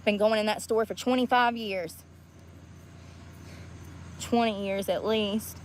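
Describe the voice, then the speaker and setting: A woman's voice: medium pitch, fairly even intonation, takes it slowly, slight background noise. A woman livestreaming outdoors on a street, ranting angrily and swearing, worn out and sore from walking. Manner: profane, combative, ranting. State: weary and in pain from walking. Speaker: homeless livestreamer. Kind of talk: angry livestream rant.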